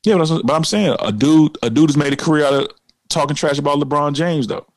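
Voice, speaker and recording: A man's voice: on the high side, fast talker, no echo. A man co-hosting a casual chat, talking emphatically with lots of "like" and "man". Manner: animated, emphatic, heavy use of fillers like "man" and "like". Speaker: podcast co-host.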